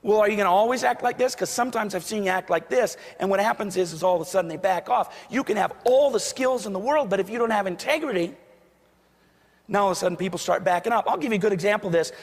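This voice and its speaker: High-voiced man giving a motivational talk. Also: fast talker. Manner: storytelling, acts out quoted voices. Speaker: motivational speaker. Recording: long hall reverb.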